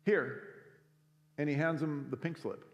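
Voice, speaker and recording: A man's voice: medium pitch, normal speed, gravelly, darkish tone, highs cut off. A man telling a story in a sermon to a school assembly, acting out the people in it as he goes. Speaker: speaker at a school week of prayer. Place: large school chapel or auditorium. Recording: long hall reverb.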